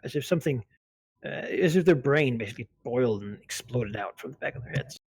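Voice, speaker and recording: A man's voice: mid-range voice, expressive, a little fast, darkish tone, slightly rough, no room sound. A man narrating a tabletop game as game master, hesitant and full of fillers.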